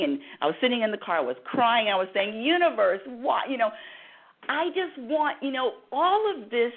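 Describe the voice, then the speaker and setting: A woman radio host and happiness coach telling a personal story with passion, acting out dialogue in a talk radio monologue. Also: mid-range voice. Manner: impassioned storytelling with dramatized dialogue. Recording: tinny phone-like line.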